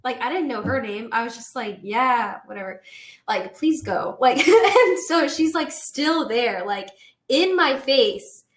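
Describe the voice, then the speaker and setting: Young woman guest, talky storyteller, slightly high voice, roomy echo. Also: a little slow. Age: 20s. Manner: animated, chatty, filler-heavy. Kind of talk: casual storytelling.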